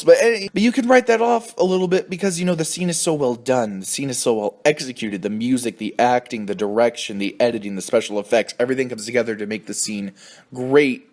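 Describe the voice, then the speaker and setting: A TV show reviewer rants angrily and profanely about an episode, sounding exasperated. His tone is darkish, but his voice leaps up high whenever he gets indignant.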